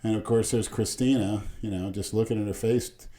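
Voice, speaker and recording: Low, mellow-voiced middle-aged man. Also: steady tone, fairly quick. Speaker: podcast regular. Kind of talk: casual chat.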